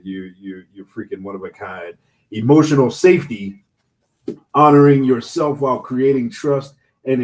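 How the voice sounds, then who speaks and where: A man's voice: mid-range voice, darkish tone. A man co-hosting a podcast who talks casually, with slang and lots of enthusiastic praise. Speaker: podcast co-host. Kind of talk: casual chat.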